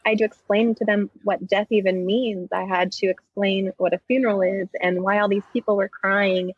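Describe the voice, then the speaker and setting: Woman in her 30s telling a hard personal story, halting and heartfelt, dull dry sound. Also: medium pitch, steady tone, slightly rough, no room sound. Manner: halting, heartfelt retelling with restarts. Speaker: podcast guest.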